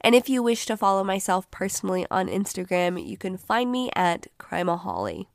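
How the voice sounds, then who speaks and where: A woman hosting a true crime podcast, with a groggy voice and a measured, sober delivery. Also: medium pitch, lively intonation, creaky, no room sound, clean studio sound. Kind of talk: scripted narration.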